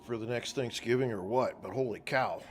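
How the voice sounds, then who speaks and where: A man's voice: medium pitch, fairly quick, faint music behind. A middle-aged man giving casual commentary while playing a video game, chatty and talking to himself as he goes. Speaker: gaming channel host.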